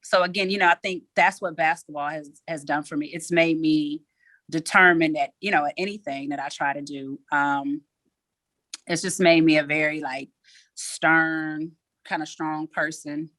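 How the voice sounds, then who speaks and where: A woman's voice: sits low, steady tone, normal speed, a bit bright, no echo. A woman, a head coach talking frankly in a casual interview and acting out what people said. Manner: frank, acts out quotes.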